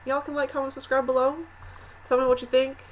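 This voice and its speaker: A young woman gushing over a music video in a casual reaction vlog, swinging from loud squeals to quiet musing. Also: high voice, little pitch movement, brisk, a little hiss or hum.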